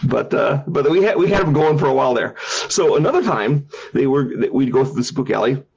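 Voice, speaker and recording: Guy on his stream telling spooky stories, bit husky, does all the sound effects. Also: mid-range voice, fairly quick, muffled recording. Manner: animated storyteller, acting out sounds and voices. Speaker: game designer and streamer. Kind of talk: casual storytelling on a stream. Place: his house.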